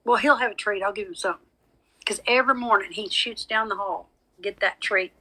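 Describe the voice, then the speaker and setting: A woman's voice: medium pitch, fairly quick, pushed and bright, rough recording. A woman with a lot of drama, chatting casually with viewers on a live stream and calling them y'all. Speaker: medium hosting a live stream.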